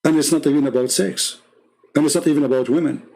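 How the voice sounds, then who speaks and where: Scornful, gravelly man in heated debate. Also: a little high, fast, a little mellow. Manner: scornful, mocking, combative, with rhetorical questions. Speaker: host of a live religious debate stream.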